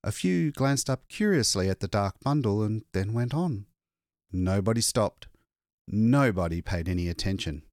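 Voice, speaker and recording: Male audiobook narrator, low voice, unhurried and expressive storytelling with lively intonation. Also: dry recording, clean studio sound. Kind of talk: scripted narration.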